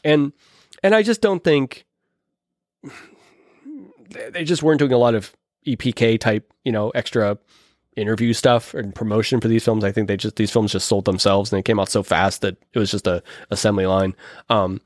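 A man's voice: lowish voice, normal speed, no echo, clean studio sound. Rambling, enthusiastic man in casual chat. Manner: rambling, many restarts, enthusiastic. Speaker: podcast host or guest discussing films.

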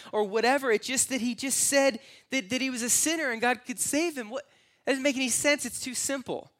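A man with a high, bright voice delivers a sermon. He tells a long story in second person, moving between hushed, low passages and loud, exclaiming ones. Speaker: pastor.

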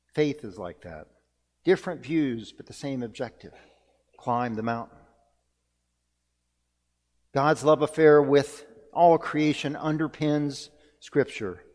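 A man's voice: medium pitch, takes it slowly, pauses often, darkish tone. Reflective preaching man, reverberant church. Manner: earnest, reflective preaching with emphatic repetition. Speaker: pastor. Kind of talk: sermon. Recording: long reverb of a church hall.

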